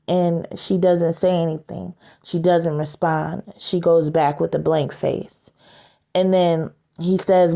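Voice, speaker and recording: Brief: woman recounting a scene, hesitant and unhurried, dark mellow tone. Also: fairly low pitch, fairly even intonation. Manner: hesitant, many filler sounds. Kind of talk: casual retelling of a story scene.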